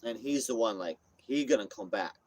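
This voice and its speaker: A man's voice: on the low side, animated, moderate pace, a little mellow. A man livestreaming from his parked RV on a phone, rambling and repeating himself, swearing freely in casual chat. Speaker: streamer. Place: inside a parked RV.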